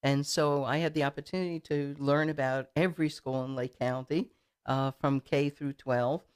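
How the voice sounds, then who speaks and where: A woman's voice: very deep voice, steady tone, moderate pace, clear, resonant tone. A middle-aged woman guest in a studio interview, telling a story in a chatty way, with frequent fillers and repeated words. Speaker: political candidate, guest.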